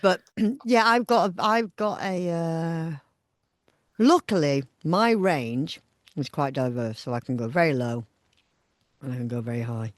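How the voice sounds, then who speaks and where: A woman's voice: low voice, unhurried, dry recording, clean studio sound. A woman hosting a podcast in casual chat, playful and theatrical, laughing at her own jokes. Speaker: podcast host.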